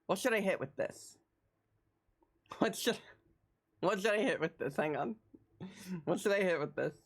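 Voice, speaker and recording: Woman livestreamer, excitable and rambling, animated pitch swings, slightly low voice. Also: moderate pace, husky. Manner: excitable, rambling, repeats phrases. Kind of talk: casual live-stream chat.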